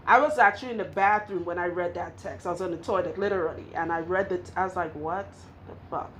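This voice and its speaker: A woman's voice: lowish voice, fast talker, fairly bright tone, a little hiss or hum. A woman with a Trinidadian accent telling an emotional personal testimony, candid and rambling, often restarting her sentences. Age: 20s at surgery, now older. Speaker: hairstylist and vlogger.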